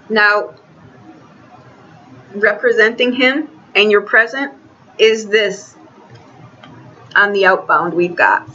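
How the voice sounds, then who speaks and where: A woman giving a casual tarot reading, talking in a chatty, halting way with many restarts. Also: medium pitch, bright, forceful tone, highs cut off, slight background noise. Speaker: tarot reader.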